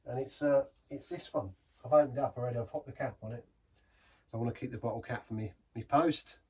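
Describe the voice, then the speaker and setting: A man's voice: medium pitch, fast, darkish tone, husky. A man giving a casual, rambling beer review in a pub, chatty and self-deprecating.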